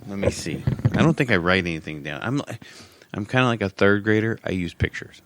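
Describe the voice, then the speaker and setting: A man's voice: on the low side, lively intonation, fairly quick, a bit bright, dry recording. A man co-hosting a podcast, chatting casually and teasing his co-host with jokes. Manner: teasing, joking banter. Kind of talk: casual chat.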